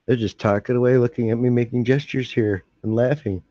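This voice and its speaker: A man's voice: medium pitch, steady tone, fairly quick, dark tone, no echo. A man hosting a casual late-night livestream from home, rambling, joking and laughing often. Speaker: livestream host. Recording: dull dry home mic.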